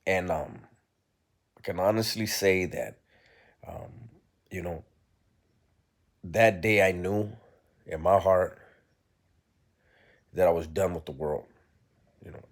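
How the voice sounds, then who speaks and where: Man, very deep voice, candid and reflective personal storyteller, blunt and unpolished. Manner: blunt, reflective, peppers speech with "right?" and "you know".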